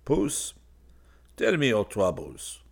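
Male reader as a soft-spoken, low-pitched artist, gentle and pleasant, audiobook character. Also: huge pitch swings, measured pace, creaky, husky, exaggerated voice. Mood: gentle coaxing. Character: gentle lonely male painter coaxing a stray cat.

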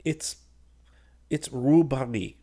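A man's voice: mid-range voice, takes it slowly, dark tone, breathy edge, pitched above the performer's own voice. A man voicing a lovesick young male art student who pleads in a plaintive, rising voice. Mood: pleading. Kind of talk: audiobook character reading.

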